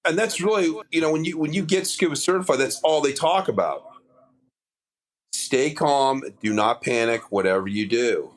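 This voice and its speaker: A man's voice: medium pitch, moderate pace, poor audio. A man, an underwater photographer, telling a diving story in a casual interview, acting out his own quoted dialogue with many restarts.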